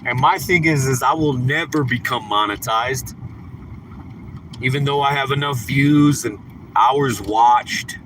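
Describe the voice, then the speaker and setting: Bright, candid male streamer rambling from his car, with faint traffic behind. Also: mid-range voice, unhurried, low-quality recording. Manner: rambling, candid, crude storytelling. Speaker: livestream host. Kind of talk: casual livestream chat.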